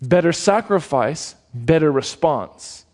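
A man's voice: a little high, expressive, takes it slowly, darkish tone. A male preacher delivering a sermon in an earnest way, repeating words for emphasis.

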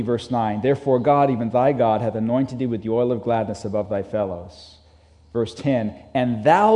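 Emphatic preacher in a reverberant hall. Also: male voice, mid-range voice, mellow. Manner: emphatic, repeats key phrases. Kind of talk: sermon.

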